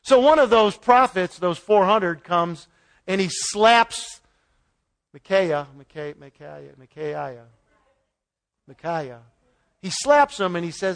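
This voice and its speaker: A man's voice: high voice, takes it slowly, pauses often. A man giving an informal Bible teaching, retelling the story in a folksy way with paraphrased dialogue and chuckles. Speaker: preacher.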